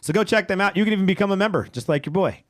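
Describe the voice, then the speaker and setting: A man's voice: high-pitched, racing, no room sound. A man hosting a podcast, reading a cannabis news roundup in a loose, joking way and swearing freely. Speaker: podcast host. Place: podcast studio.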